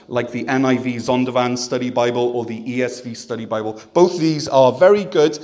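A man preaching a sermon in a church, conversational and self-deprecating, with humor. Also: fairly high pitch. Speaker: pastor.

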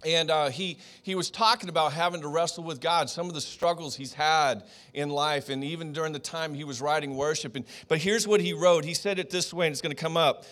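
A middle-aged man preaching a sermon, telling personal stories in a lively, conversational way and calling the congregation "guys". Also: on the high side, fairly quick, few pauses. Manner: storytelling, animated and conversational, addressing the congregation as "guys". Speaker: pastor.

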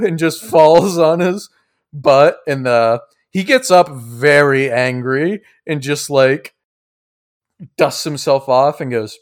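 A man running a tabletop game as game master, narrating in a relaxed, chuckling way with many fillers. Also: fairly high pitch, slow. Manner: laid-back, chuckling, lots of fillers.

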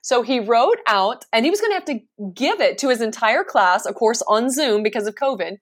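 A woman in her forties, guest on an interview, talking with lively emphasis and frequent laughs. She is a professional speaker, and her voice sits a little higher than most women's. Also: a little fast. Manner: animated and emphatic, laughing often. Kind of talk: casual interview talk.

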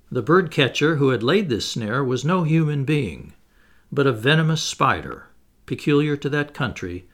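A man with a mid-range voice narrates a classic novel as an audiobook. His scripted reading has a measured, storytelling quality.

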